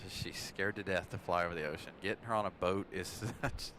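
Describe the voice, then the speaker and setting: This man speaks with a low pitch and a slightly quick pace while live streaming casually from outside an airport, joking and laughing with his viewers. He records on a phone on a windy day, so strong wind and vehicle sounds come through loudly.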